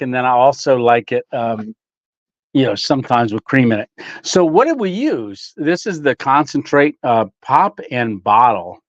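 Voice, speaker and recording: A man's voice: mid-range voice, no echo, dull audio. A man hosting a casual camping livestream from his home studio, chatting with viewers, greeting them by name and laughing often. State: slightly out of breath. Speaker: livestream host.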